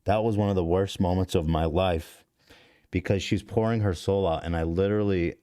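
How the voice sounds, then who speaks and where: A man's voice: deep voice, fairly even intonation, normal speed, mellow, smooth, dry recording, studio quality. A man in his thirties hosting a podcast, telling a story in a rambling, profane, self-interrupting way. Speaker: podcast host. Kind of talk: casual confessional storytelling.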